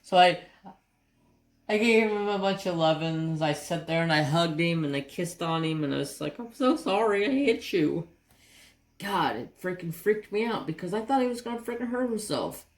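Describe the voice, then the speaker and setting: A woman hosting a craft channel, telling a rambling, animated story with mild cursing. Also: lowish voice, moderate pace. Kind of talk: casual storytelling while crafting.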